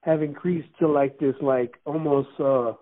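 A man's voice: on the high side, fairly even intonation, a little slow. A man from Miami chatting casually, rambling with restarts and frequent laughs. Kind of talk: casual chat. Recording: tinny phone-like line.

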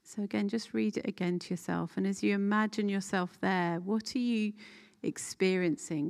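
A woman leading a guided scripture meditation, reading a passage aloud and calmly inviting listeners to pause and reflect. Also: medium pitch, creaky. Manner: calm, unhurried, gently instructive with pauses.

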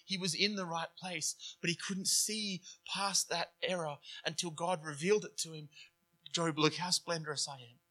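A man's voice: a little high, sharp tone. A man preaching a sermon in an earnest, conversational way, slipping into acted inner voices to make his points. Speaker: pastor.

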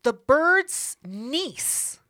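A woman co-hosting a podcast, telling a story in casual chat, profane and animated, acting out what people said. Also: high-pitched, very slow, no echo, clean studio sound. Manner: profane, animated, acts out quotes. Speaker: podcast co-host.

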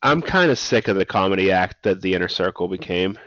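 A man's voice: low voice, lively intonation, brisk, a bit bright, no room sound. A man co-hosting a casual wrestling podcast, giving brief, agreeable replies. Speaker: podcast co-host. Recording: dull dry podcast audio.

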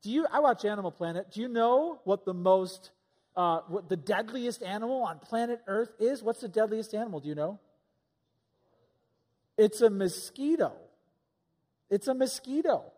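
A man's voice: high-pitched, animated, a little fast, darkish tone, in a large hall. A man preaching a sermon in a conversational way, asking the congregation rhetorical questions. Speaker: pastor.

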